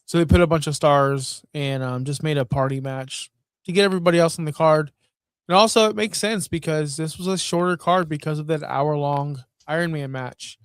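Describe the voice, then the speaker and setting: A man's voice: fairly high pitch, steady tone, moderate pace, smooth, no room sound. A man co-hosting a podcast, talking casually and thinking aloud as he goes. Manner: conversational, thinks aloud with fillers. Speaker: podcast co-host. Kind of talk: casual wrestling podcast chat.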